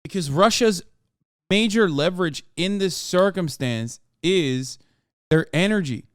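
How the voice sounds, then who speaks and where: Male streamer, slightly high, smooth voice, blunt and profane, dry close sound. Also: animated, unhurried, no room sound. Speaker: livestreamer. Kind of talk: casual political commentary to chat.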